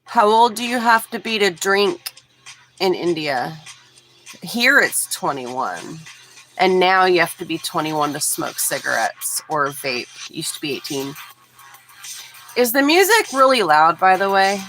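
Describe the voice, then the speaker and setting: Texas lady in her 40s, low gravelly voice, laid back stream chat w/ faint music behind. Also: a little slow, low-quality recording. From Houston, Texas. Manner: relaxed, chatty, talks straight to chat. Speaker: livestream host. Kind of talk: casual livestream chat with viewers.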